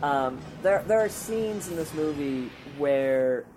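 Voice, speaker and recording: A man co-hosting a comedy podcast, talking casually in rambling, animated banter with lots of fillers. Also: on the high side, slow, slight background noise. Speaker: podcast co-host.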